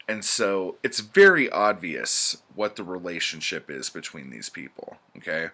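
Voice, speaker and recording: A man's voice: low voice, very animated, moderate pace, few pauses, pushed and bright. A man casually recapping pulp stories in a rambling, profane way, with plenty of fillers. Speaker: book reviewer.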